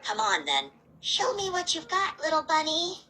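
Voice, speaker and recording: A woman's voice: mid-range voice, moderate pace, pushed and bright, slightly rough, poor audio. A woman voicing a huge, cruel male monster who taunts and gloats, in an amateur fan audio drama. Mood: mocking.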